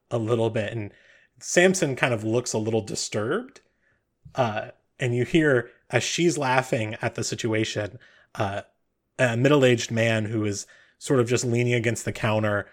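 A man's voice: mid-range voice, normal speed. Man rambling as game master. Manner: rambling, with frequent fillers. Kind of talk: narrating a tabletop game.

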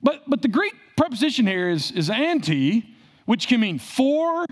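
A man's voice: very high voice, big pitch swings, a little slow. A male pastor preaching a sermon, asking the congregation questions and repeating phrases for emphasis.

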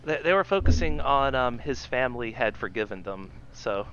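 A man's voice: medium pitch, animated, moderate pace, a bit bright, slight background noise. A man co-hosting a casual podcast chat, arguing his points emphatically. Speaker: podcast co-host. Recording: muffled lo-fi audio.

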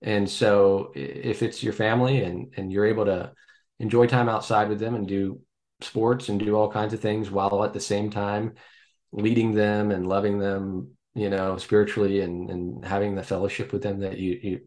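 A man being interviewed on a podcast, talking thoughtfully with many fillers and pauses. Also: fairly low pitch, little pitch movement, darkish tone. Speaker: podcast guest. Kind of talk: casual interview.

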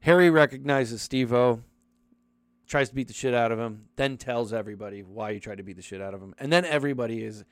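A man's voice: medium pitch, fast, no room sound. A man retelling a film's plot in a casual chat, swearing freely and acting out lines from it. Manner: profane, animated storytelling with acted-out quotes. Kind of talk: casual movie recap chat.

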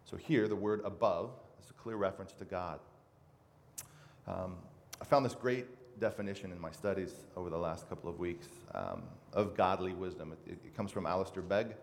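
A man's voice: low-pitched, normal speed, creaky. A man preaching a sermon as pastor, earnestly reading scripture aloud with emphasis. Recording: reverberant hall with faint noise.

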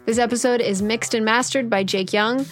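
A woman's voice: on the high side, fairly even intonation, moderate pace, faint music behind. A young adult woman hosting a podcast with her mother, joking with puns and reading out the show credits. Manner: playful, punning, reads show credits. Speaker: podcast host and producer. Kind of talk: casual chat with her mother.

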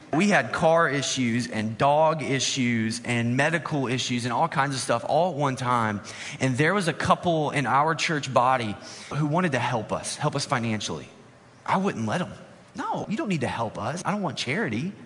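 A man's voice: medium pitch, a bit bright. Conversational male pastor in a reverberant hall. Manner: conversational, with slow dramatic pauses on key words. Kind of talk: sermon. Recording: long reverb in a large hall.

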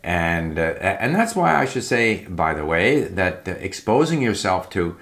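A man's voice: low voice, sing-song, a little slow, a bit bright. A man giving casual, rambling spoken advice about language learning, with frequent fillers and restarts. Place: home in Palm Springs.

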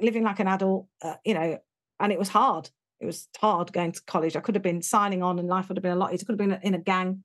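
A middle-aged woman with an English accent, sharing her own story as an interview guest. She talks frankly and with a lot of life, slipping into the voices of people she quotes. Her laughs come quickly between tough memories. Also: medium pitch.

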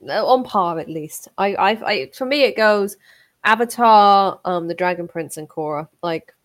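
A woman's voice: mid-range voice, expressive, a little slow. A woman co-hosting a podcast, chatting enthusiastically with lots of ums and restarts. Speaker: podcast co-host. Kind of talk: casual chat.

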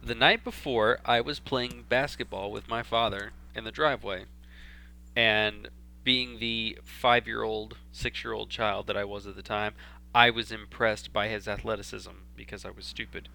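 A young man from Texas telling a story in casual chat, animated and swearing freely. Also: on the low side, normal speed, creaky. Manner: animated, swearing, acts out voices in his story. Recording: faint background hum.

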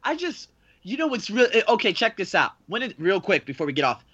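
An American man telling animated stories as a podcast guest, laughing often. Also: sits high, brisk, husky, no echo. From United States. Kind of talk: casual chat. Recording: dull lo-fi sound.

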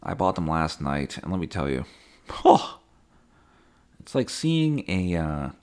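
Young male podcast host, low-pitched, profane, rambling, deadpan sarcasm with mock voices. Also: measured pace, smooth. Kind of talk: casual solo podcast monologue.

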